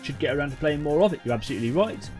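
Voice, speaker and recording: A man's voice: a little high, animated, very fast, a little mellow. A man, hosting a live painting stream in a rambling, chatty way with lots of fillers. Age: 30s. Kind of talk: casual live-stream chat. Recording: faint music behind.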